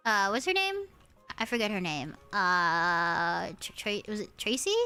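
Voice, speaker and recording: A young American woman streaming, chatting with her viewers in an animated, swearing storytelling manner. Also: medium pitch, a little slow, clear, resonant tone. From United States. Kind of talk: casual chat with viewers. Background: faint background music.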